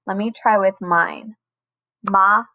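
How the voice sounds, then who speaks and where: Woman teacher talking slow n patient to little kids, over-enunciates, kinda dull lo-fi sound. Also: mid-range voice, vocal fry. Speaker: first grade teacher. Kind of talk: recorded online lesson for children.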